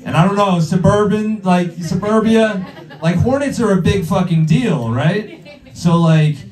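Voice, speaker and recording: A man's voice: sits high, animated, unhurried, a little mellow. A young man doing a stand-up routine on a comedy club stage, crude and rambling with lots of filler words. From Long Island, New York. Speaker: stand-up comic. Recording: roomy club sound, heard from a distance.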